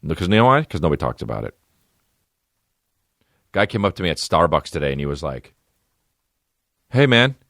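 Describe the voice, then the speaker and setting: Deep-voiced man ranting loudly with animation. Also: fast talker, creaky, pauses often, no echo, clean studio sound. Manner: loud, profane, animated, jumps into high mocking pitch. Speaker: podcast host. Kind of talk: comedic podcast rant.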